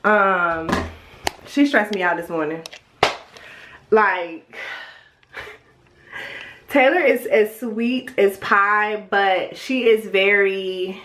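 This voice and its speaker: A woman's voice: medium pitch, very slow, pauses often, a bit bright, slight background noise. Young woman, sick and congested, rambling chatty home vlog filmed on a phone. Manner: chatty, rambling, many fillers. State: congested, stuffy-nosed. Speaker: vlogger and mother. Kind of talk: casual home vlog chat. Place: at home, indoors.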